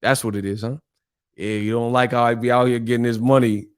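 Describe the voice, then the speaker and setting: A man's voice: medium pitch, level tone, brisk, clean tone, no room sound, studio quality. Profane, exasperated streamer man. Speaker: streamer host. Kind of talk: casual live stream rant.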